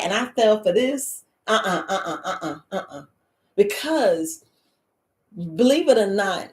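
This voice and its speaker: Animated woman life coach, echoey room. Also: mid-range voice. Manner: animated, laughing, acts out quoted voices. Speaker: life coach hosting a livestream. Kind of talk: casual livestream chat.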